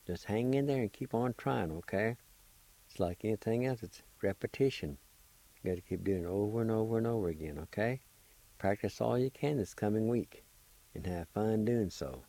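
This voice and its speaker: A man's voice: fairly low pitch, warm tone, dry recording, low-quality recording. A middle-aged man patiently teaching pronunciation, breaking words into syllables and encouraging his listeners. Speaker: language teacher and radio host. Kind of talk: slow pronunciation lesson, spelling and syllables.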